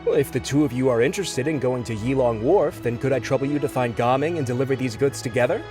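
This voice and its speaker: A man's voice: medium pitch, fast, music in the background, lightly acted. A man voicing a polite, businesslike clerk in a video game who is pressed for time. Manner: courteous, businesslike. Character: polite busy male office clerk, hurried.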